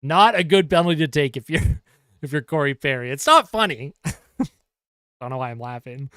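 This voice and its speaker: A young man calling hockey play-by-play as a fan on a live stream, getting excited over the action and chatting with his viewers in between. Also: medium pitch, normal speed, clear, resonant tone, no echo, clean studio sound. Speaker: livestream host and hockey fan commentator.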